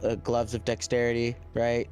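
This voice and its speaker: A man playing a tabletop game, checking his inventory in halting speech full of filler sounds. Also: mid-range voice, completely flat delivery, a little mellow, soft background music. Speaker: player.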